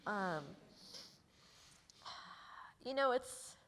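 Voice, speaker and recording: A woman's voice: fairly high pitch, expressive, drawn-out words, fairly bright tone, a little hiss or hum. A woman author being interviewed on stage before an audience, speaking reflectively and openly about her emotions. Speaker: author and journalist guest. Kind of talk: onstage interview. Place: community stage event with audience.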